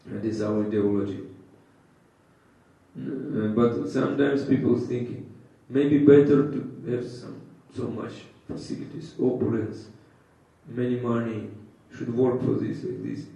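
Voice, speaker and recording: Gravelly-voiced man teaching in an echoey hall. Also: medium pitch, steady tone, mellow. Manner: halting, frequent uh pauses, simple broken English. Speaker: spiritual teacher giving a scripture class. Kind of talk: devotional scripture class. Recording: echoey, dull, distant hall sound.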